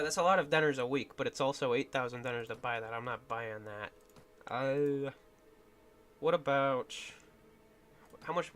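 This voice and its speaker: A man's voice: medium pitch, a bit bright. A man streaming a game in casual commentary, thinking aloud and often trailing off and restarting.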